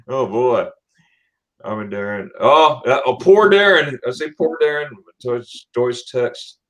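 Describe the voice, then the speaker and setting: A man's voice: medium pitch, expressive, measured pace, fairly bright tone, rough recording. A man hosting a casual live-stream chat, stammering over his words, repeating himself and laughing often. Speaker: channel host.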